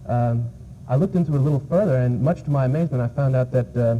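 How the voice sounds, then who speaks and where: A man's voice: mid-range voice, quick pace, warm tone. A man from New York, an English teacher answering interview questions, hesitating often with uh and um. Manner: hesitant, many fillers. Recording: muffled archival TV audio, faint hiss.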